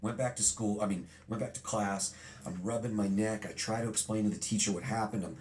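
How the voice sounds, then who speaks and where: A middle-aged man being interviewed, telling a childhood story in a lively storytelling way and acting out remembered lines. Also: fairly low pitch, a little fast, a little hiss or hum. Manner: animated storyteller, acts out quotes. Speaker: guest.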